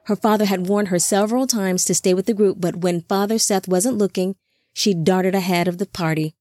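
Woman, audiobook narrator, measured reading, mellow low voice, dry close sound. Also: fairly even intonation, no echo.

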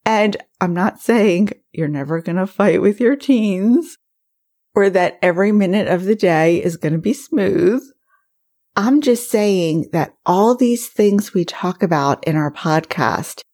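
A woman in her forties hosting a solo podcast, telling stories in a warm, chatty way. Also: mid-range voice. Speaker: podcast host. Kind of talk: casual solo podcast talk.

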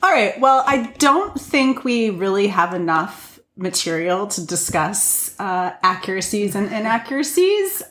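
Woman cohost, wry and measured, mid pitch voice. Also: sing-song, fairly bright tone. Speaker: podcast co-host. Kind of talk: casual chat.

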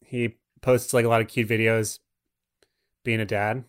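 A man's voice: fairly low pitch, flat delivery, measured pace. A young man co-hosting a casual film podcast, easygoing and chuckling, with lots of fillers. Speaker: podcast co-host. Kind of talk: casual movie review chat.

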